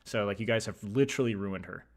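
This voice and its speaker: A man's voice: fairly low pitch, fast talker. A young man streaming, chatting casually while reading words aloud and flaring into mock outrage. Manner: animated, flares into mock-outraged shouting. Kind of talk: casual pronunciation chat.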